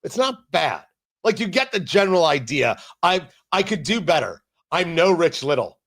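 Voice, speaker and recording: Male talk show host doing a political rant, sarcastic and jokey, voice goes high and swings all over. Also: very animated, moderate pace, a bit bright. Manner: sarcastic, emphatic, jokey asides. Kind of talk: political commentary monologue.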